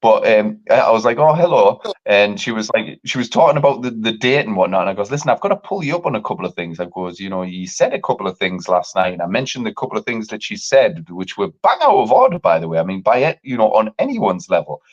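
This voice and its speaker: An animated man tells a story in casual chat, swearing freely and mimicking others with leaps in pitch. His voice swings widely from low to high. The stream audio is dull and lo-fi. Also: fast talker, few pauses. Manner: animated, swearing, acts out quotes with big pitch jumps. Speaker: podcast host.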